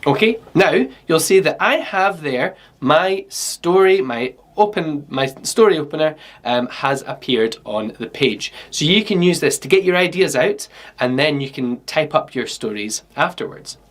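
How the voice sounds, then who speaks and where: A Scottish man giving a relaxed online workshop to pupils, explaining each step in a chatty, instructive way and often filling pauses with okay and um. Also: a little high. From Scotland. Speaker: teacher.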